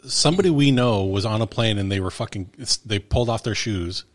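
A man's voice: on the low side, fairly quick. A man co-hosting a podcast, joking and retelling funny scenes. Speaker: podcast co-host. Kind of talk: casual chat.

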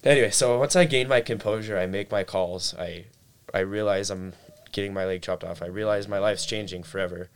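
Young male guest, slightly low voice, relaxed storytelling with lots of filler words. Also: fairly quick, clear, resonant tone. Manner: laid-back storytelling, heavy on "like" and "dude". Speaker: guest telling his story. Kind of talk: casual chat.

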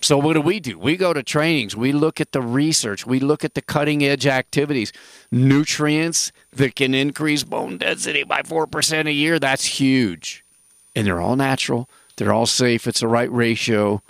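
Gravelly man hosting a radio health show. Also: mid-range voice, moderate pace, a bit bright, no echo. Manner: rambling, jokey, emphatic asides. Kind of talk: casual radio talk.

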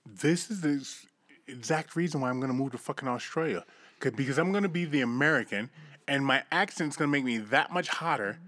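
A man's voice: medium pitch, fairly quick, no echo. A middle-aged man from Boston, hosting a podcast and telling stories in casual, profane chat. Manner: profane, animated storytelling. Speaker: podcast host.

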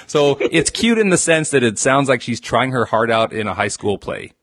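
A man's voice: medium pitch, lively intonation, moderate pace, a bit bright, no room sound, clean studio sound. A man on a podcast, retelling a movie plot casually with hesitations.

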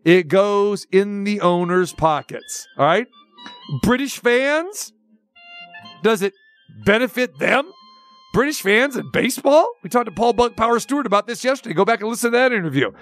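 A man hosting a sports radio show, ranting with sarcastic mock questions in an animated, opinionated way. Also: high-pitched, moderate pace, soft background music.

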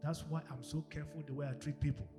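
A male pastor preaching a sermon, animated, acting out quoted voices and swinging from shouts to hushed tones. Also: on the high side, very fast. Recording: echoey hall with music behind.

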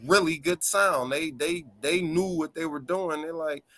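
Guy on a podcast telling wild tour stories, kinda high bright voice, laughs a lot, swears a ton. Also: a little slow. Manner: animated, profane, laughs often while telling stories. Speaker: podcast guest, rapper. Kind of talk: casual storytelling chat.

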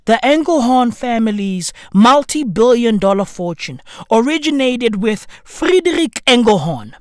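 Loud, high-pitched ranting woman. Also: no room sound, clean studio sound. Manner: shouting, swearing, says bruv often. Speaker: commentator. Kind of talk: profane comedic rant.

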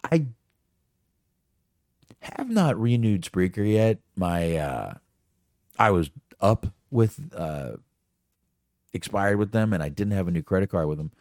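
Low-voiced, rambling podcast host. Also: male voice, sing-song, slow, long pauses, a little mellow, no room sound, clean studio sound. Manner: rambling, profane, off-the-cuff. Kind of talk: casual solo podcast chat.

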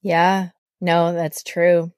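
A woman from Canada, a podcast guest, telling a story in a casual, animated way, acting out the voices she quotes and saying "like" a lot. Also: lowish voice, extremely slow, clear, resonant tone, no room sound, clean studio sound. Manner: animated, acts out quoted voices, heavy use of "like".

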